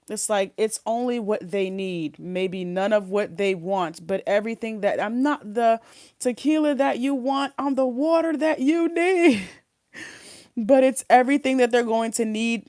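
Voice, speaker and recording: Woman, tarot reader, rambling casual monologue, giggles often, mid pitch, dry close sound. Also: a little mellow, no echo. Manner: rambling, giggly, full of fillers and restarts. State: talking around a sore wisdom tooth. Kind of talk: casual spiritual reading monologue.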